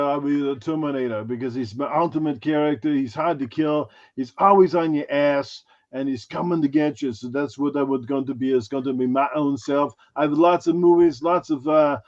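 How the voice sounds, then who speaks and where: This is a swaggering, crude action-film star, as a male host puts him on with a thick mock accent. The voice sits a bit high and bragging. The audio is muffled and lo-fi like a home stream. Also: natural voice. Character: a gruff action-film star, impression of a famous bodybuilder-actor.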